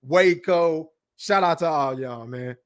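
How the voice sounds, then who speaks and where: A man with a fairly high voice rants bluntly on his own podcast. He swears freely and talks loosely, like a livestream chat. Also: slow pace. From Texas. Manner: profane, blunt, ranting. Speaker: podcast host. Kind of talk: casual boxing rant and livestream chat.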